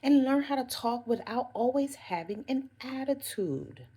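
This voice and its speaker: This vlogger's high voice is animated yet unhurried, mellow with a slight roughness, as she earnestly urges her viewers toward self-care. She repeats phrases to drive her points home in this casual motivational piece to camera.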